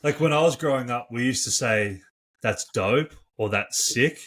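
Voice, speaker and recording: A man co-hosting a casual podcast as a coach, talking in an animated, chatty way full of "like" and swearing, on a close studio mic. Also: medium pitch, moderate pace.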